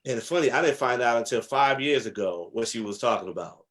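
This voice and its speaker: A man's voice: medium pitch, animated, fairly quick, fairly bright tone. A man from New Jersey, a guest historian, telling stories from his past in a reflective, emphatic way with many fillers. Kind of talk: casual interview storytelling.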